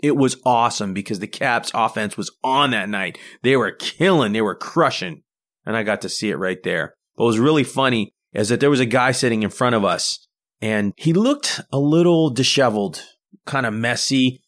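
A man hosting a podcast by himself, telling rambling, casual stories about his own life. He often stops partway through a sentence and starts over, at an average pitch for a man. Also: expressive, normal speed, a bit bright. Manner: rambling anecdotal storytelling with frequent restarts. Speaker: podcast host. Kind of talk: casual solo monologue.

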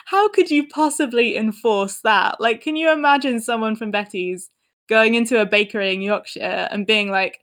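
A woman's voice: a little high, normal speed, a bit bright. A woman co-hosting a podcast in a chatty, giggly, casual way. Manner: chatty and giggly, laughs often. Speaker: podcast co-host. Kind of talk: casual chat.

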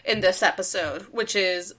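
A woman's voice: medium pitch, normal speed, fairly bright tone. A woman co-hosting a podcast, chatting playfully, teasing her partner and swearing casually. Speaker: podcast co-host. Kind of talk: casual chat.

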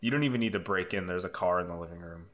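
Low-voiced man, game master, unhurried and halting. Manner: halting, filler-heavy. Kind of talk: voicing townsfolk in a tabletop game.

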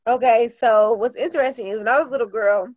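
A woman's voice: on the high side, fast talker, darkish tone, dry recording, highs cut off. A woman teacher and author talking earnestly in an interview, with many fillers and restarts. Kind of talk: casual interview talk.

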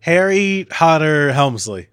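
A man co-hosting a comedy podcast in casual chat, firing off dry, teasing deadpan comebacks. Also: on the high side, takes it slowly, smooth, dry recording. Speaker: podcast co-host.

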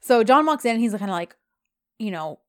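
A woman in casual chat, retelling scenes in an animated way with frequent laughter. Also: fairly high pitch, brisk. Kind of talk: casual chat recapping a drama.

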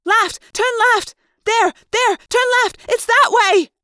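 A woman voicing a frightened teenage girl with shrill, excited shouting. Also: slow, no room sound, clean studio sound, heavily acted. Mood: frantic.

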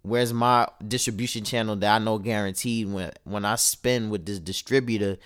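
Guy on a podcast, chill reflective chat, smooth lowish voice. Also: fairly even intonation, moderate pace, a bit bright. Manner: laid-back, reflective, trails off and restarts. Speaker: podcast co-host. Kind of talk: casual chat. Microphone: phone-like call audio.

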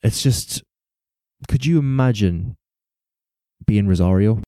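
A man's voice: fairly low pitch, expressive, takes it slowly, warm tone, no echo. A man hosting a casual true-crime podcast, rambling along, laughing often and swearing now and then. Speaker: podcast host.

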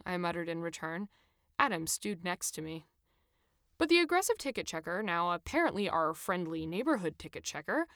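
A woman reading her own first-person travel memoir with expressive, animated storytelling. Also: on the low side, normal speed, dry recording, studio quality. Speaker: narrator.

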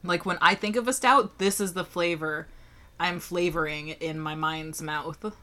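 Young woman co-host, bright and crisp in tone, wry, laughs a lot. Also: lowish voice, a little slow. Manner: wry, laughs often, swears. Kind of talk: casual chat, beer tasting.

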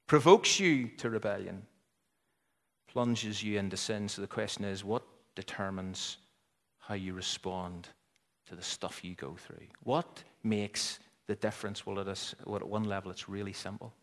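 A man's voice: on the low side, normal speed. Preaching man in a reverberant hall. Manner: dynamic preaching, swinging from loud emphasis to near whispers. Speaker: pastor. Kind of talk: sermon.

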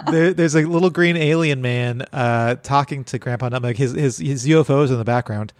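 A man's voice: medium pitch, lively intonation, normal speed, dry recording. Male co-host, chatty, laughs through his descriptions, dry close sound. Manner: laughs often, restarts while describing comics. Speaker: podcast co-host. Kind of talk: casual chat.

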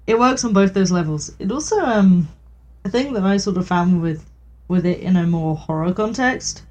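A woman's voice: fairly low pitch, normal speed, darkish tone. A woman co-hosting a casual film podcast, blunt and crude, with a jokey manner.

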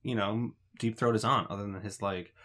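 A man's voice: lowish voice, fairly even intonation, brisk, pushed and bright. Laid-back, wry man chatting. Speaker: podcast co-host. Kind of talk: casual chat.

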